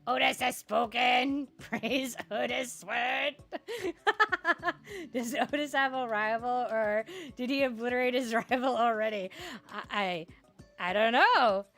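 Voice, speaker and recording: A woman streamer chats casually with her audience in a high, bright voice. She is bubbly and giggly and pokes fun at herself. Faint music plays behind her headset mic. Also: takes it slowly, gravelly. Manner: bubbly and giggly, self-deprecating. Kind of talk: casual live-stream chat.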